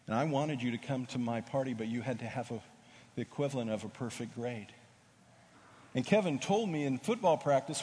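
A man's voice: mid-range voice, a little mellow, natural voice. A preacher voicing an earnest male college professor who speaks patiently, recorded in an echoey hall. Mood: solemn.

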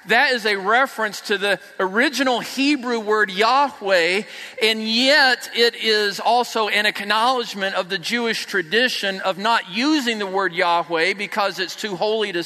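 A man preaching a sermon and teaching a congregation, leading them to repeat words and moving between hushed phrases and lively emphasis. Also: sits high. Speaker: pastor. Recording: echoey hall.

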